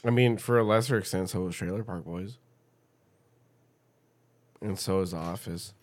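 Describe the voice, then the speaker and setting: A man's voice: low voice, moderate pace, darkish tone. Profane playful male podcast co-host. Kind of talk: casual chat.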